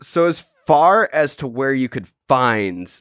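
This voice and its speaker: A young American man co-hosting a podcast, chatting casually and animatedly, swearing and doing loud mock howls. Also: medium pitch, very animated, slow, clear, resonant tone, no echo, clean studio sound. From United States. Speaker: podcast co-host. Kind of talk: casual chat.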